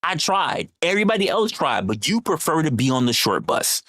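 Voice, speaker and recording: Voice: mid-range voice, huge pitch swings, normal speed, few pauses, a bit bright, no room sound, studio quality. A livestream host scolding a viewer in a profane, repetitive, heated rant.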